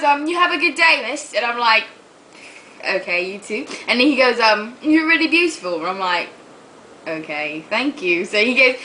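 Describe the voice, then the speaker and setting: A young woman with a high, bright voice rants straight into her camera, chatty and animated, swearing freely as she tells her stories. Her voice comes through a built-in camera mic, with faint room noise behind it. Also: rough recording. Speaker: vlogger. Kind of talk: casual rant to camera.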